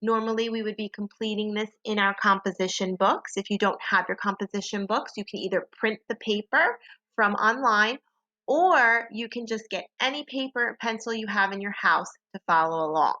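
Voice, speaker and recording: A woman teaching a phonics lesson to young children, slowly sounding out letters and sounds and asking them to echo her. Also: mid-range voice, bright, forceful tone, lo-fi sound.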